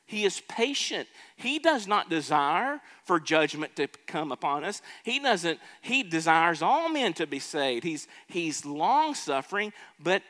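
A man's voice: a little high, a bit bright, long reverb tail. A man preaching a sermon in earnest, building to emphatic swells and often restarting his phrases. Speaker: pastor.

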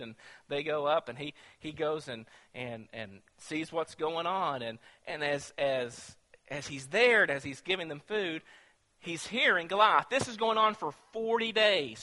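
A male preacher with a high, bright voice, telling the story in an animated sermon. He swings from hushed asides to emphatic points. The sound carries a long echo from a church hall.

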